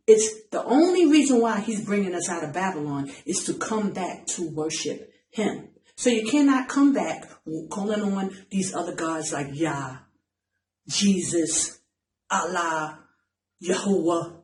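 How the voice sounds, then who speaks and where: A self-styled preacher, a woman with a lowish, darkish voice, delivers an impassioned online message that is urgent and pleading. She repeats phrases for emphasis, and the rough recording sounds roomy with a little hiss or hum.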